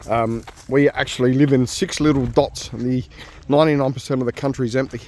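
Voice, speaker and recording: A man's voice: medium pitch, steady tone, fairly quick, darkish tone, slight background noise. Easygoing Australian man chatting on a walk. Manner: easygoing, chatty, many fillers and asides. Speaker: vlogger walking his dog. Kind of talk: casual rambling chat. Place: outdoors on a nature walk.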